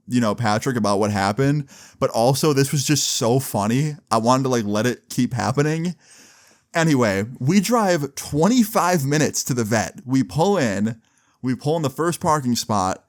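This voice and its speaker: Young male vlogger, mid-pitched, rattling off a funny story in loose casual slang. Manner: animated, slangy, fast retelling with lots of "like" and "dude".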